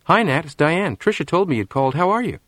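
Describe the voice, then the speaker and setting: A male audiobook reader voicing a cheerful teenage girl on the phone, high and eager in manner. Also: sing-song, fast, a bit bright, no echo, clean studio sound. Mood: friendly, eager.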